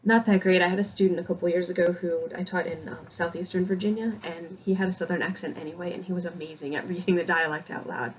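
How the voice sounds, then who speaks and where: Chatty woman English teacher, low voice. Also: steady tone, fast, hardly any pauses, breathy edge, lo-fi sound. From Connecticut. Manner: chatty, explanatory, self-deprecating. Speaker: high school English teacher. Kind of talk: recorded lecture video.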